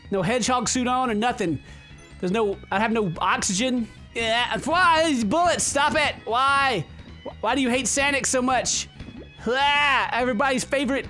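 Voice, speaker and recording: A man rattles off jokey let's play commentary, excitable and sarcastic, swearing freely. His voice is bright and sharp, recorded close on a desk microphone with faint game music in the background. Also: sits high. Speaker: gaming YouTuber.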